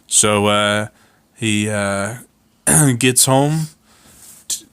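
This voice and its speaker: A man telling an improvised comic story in a halting way, full of pauses and throat clearing. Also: fairly low pitch, fairly bright tone. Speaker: co-host storyteller.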